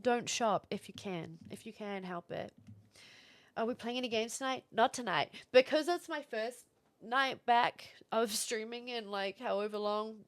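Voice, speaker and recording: A woman's voice: fairly high pitch, unhurried. A woman streamer in casual livestream chat, rambling along, laughing often and thanking viewers. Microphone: streaming setup with camera.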